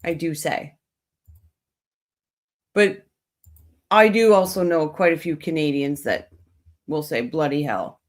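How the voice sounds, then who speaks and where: Speaking slowly with long pauses, a deep-voiced woman hosts a true crime livestream. She's coming down with a cold as she chats casually and reads out viewers' comments.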